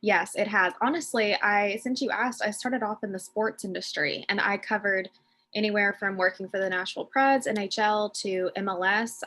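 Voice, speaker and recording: A bubbly woman hosting a country music interview over a video call. She talks with eager enthusiasm and a friendly, chatty flow. Her voice sits at a middle pitch. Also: fairly bright tone. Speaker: interview host.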